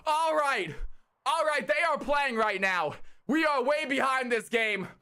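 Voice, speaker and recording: Hyped high-voiced male streamer. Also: measured pace, soft background music. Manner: energetic, hyped, talks straight to chat. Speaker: streamer hosting community game nights. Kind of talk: live-stream game commentary.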